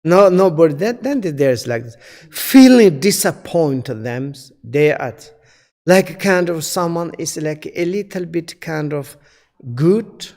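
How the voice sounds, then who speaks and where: Slow, earnest man teaching in halting English. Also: on the high side, lively intonation, darkish tone, big-room sound. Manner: halting, non-native English full of fillers; earnest, pleading, repeats key points. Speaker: Buddhist teacher. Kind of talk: dharma teaching.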